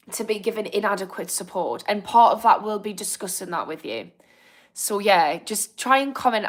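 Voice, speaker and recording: Chatty Northern English woman. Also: medium pitch. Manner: chatty, apologetic, encouraging, laughs easily. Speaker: livestream host. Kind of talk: casual live chat reading comments.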